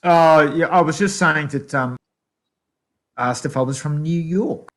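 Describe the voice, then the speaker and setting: A man's voice: a little high, a little slow. A man from Australia with a mild, rounded Australian accent, co-hosting a casual chat show in an easygoing way. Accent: Australian, mildly rounded. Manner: easygoing, apologetic, laughs often. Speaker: co-host.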